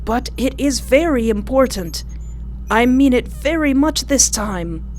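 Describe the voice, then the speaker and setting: A woman's voice: on the high side, expressive, a little slow, a little mellow, slight background noise, pitched above the performer's own voice. A woman voicing an eccentric young crew recruit on a spaceship, with stilted, oddly worded, demanding speech. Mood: eager.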